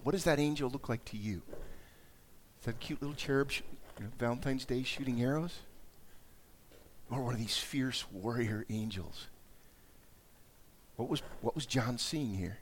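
Speaking at a moderate pace with frequent pauses, this pastor delivers a conversational sermon in a medium-pitched voice over slight background noise. He keeps restarting and repeating words, and scripture readings bring dramatic rises in his voice.

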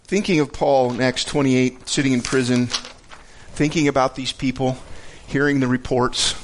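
A man teaching a Bible passage in a conversational way, earnest and halting, often repeating words as he searches for them. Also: mid-range voice, a bit bright, slight background noise.

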